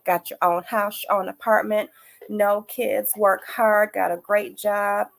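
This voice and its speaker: A woman's voice: medium pitch, level tone, unhurried, gravelly, rough recording. An older woman hosting a live stream, giving oracle card readings and talking straight to her viewers in an emphatic, repetitive, encouraging way. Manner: warm, emphatic, repeats phrases, talks straight to viewers. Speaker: podcast host reading oracle cards.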